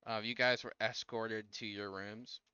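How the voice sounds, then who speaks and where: A man running an online tabletop game as game master, talking casually in a halting way with lots of fillers. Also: lowish voice, flat delivery, sharp tone, clear, resonant tone, no echo, muffled recording. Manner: halting, many fillers and restarts.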